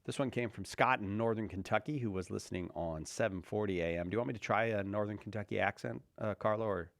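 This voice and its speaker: A man's voice: lowish voice, fast talker, gravelly, no echo. A man hosting a call-in radio show in a playful, joking manner, speaking into a studio microphone.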